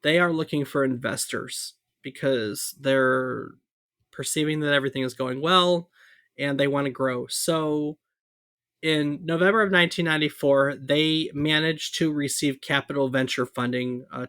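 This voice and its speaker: A man's voice: mid-range voice, steady tone, moderate pace, fairly bright tone, dry recording, studio quality. A man co-hosting a podcast, talking casually through gaming history with fillers and asides. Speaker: podcast co-host.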